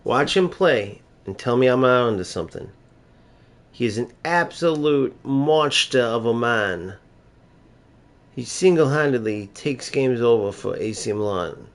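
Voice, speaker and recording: An American man gives loose, talkative commentary over a football video game. He jokes and makes bold claims to his viewers. His voice sits at an ordinary middle pitch for a man. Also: creaky. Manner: talkative, joking, opinionated. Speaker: gaming streamer. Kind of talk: casual gameplay commentary.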